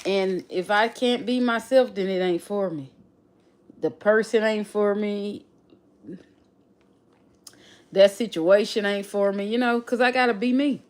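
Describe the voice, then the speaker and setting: A woman with a regional accent talks slowly and unhurriedly in a casual livestream chat. Her voice sits at a middle pitch, and she muses aloud, circling back and restarting her sentences as she thinks. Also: darkish tone. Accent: non-local regional accent. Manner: reflective, repeats and restarts phrases. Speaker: livestream host.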